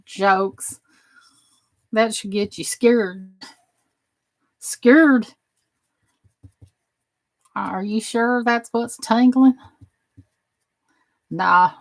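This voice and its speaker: A middle-aged woman with a Southern American drawl chats on a crafting livestream, answering viewers' comments with jokes. Her voice sits a little high, and she takes her time, letting words stretch in an unhurried way. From Southern United States. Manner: chatty and joking, reading out and answering viewer comments. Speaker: crafting channel host on a livestream. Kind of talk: casual livestream chat with viewers.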